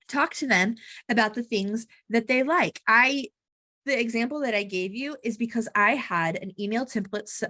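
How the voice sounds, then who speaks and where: A woman's voice: on the high side, fairly bright tone, no echo, studio quality. A woman giving casual marketing advice to camera, chatty and blunt, with frequent asides. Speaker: marketing coach. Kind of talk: casual talking-head vlog advice.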